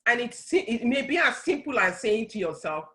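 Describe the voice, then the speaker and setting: A woman's voice: on the high side, big pitch swings, normal speed, a bit bright, poor audio. A middle-aged woman speaking on a church talk panel, earnestly explaining and often restarting her phrases. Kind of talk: conversational teaching talk.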